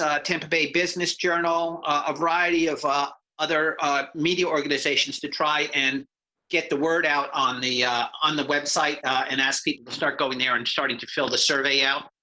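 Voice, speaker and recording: A man, a public health researcher, giving an update to a county meeting with many pauses and fillers. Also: on the high side, bright, forceful tone, poor audio. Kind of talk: briefing a meeting.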